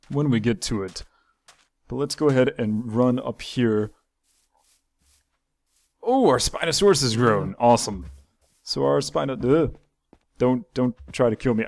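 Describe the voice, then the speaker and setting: A man's voice: mid-range voice, a little mellow, dry recording. A young man hosting a gaming channel, chatting casually over his gameplay, talking to his animals and often restarting his sentences. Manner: chatty, talks to his pets, frequent restarts.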